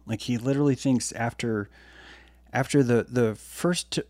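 A man streaming a blunt, profane and preachy monologue that swings between loud outbursts and hushed asides. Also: mid-range voice, steady tone, unhurried, dry recording. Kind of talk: impassioned monologue.

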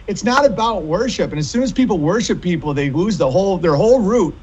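A man talking as a guest on a casual podcast, telling animated, profane stories. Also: sits high, quick pace, hardly any pauses, highs cut off, slight background noise.

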